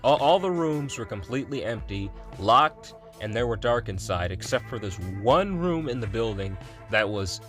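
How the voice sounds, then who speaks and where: A man's voice: mid-range voice, expressive, moderate pace, soft background music. A young adult man, a gaming YouTuber, telling a rambling story in a casual vlog with fillers and laughs.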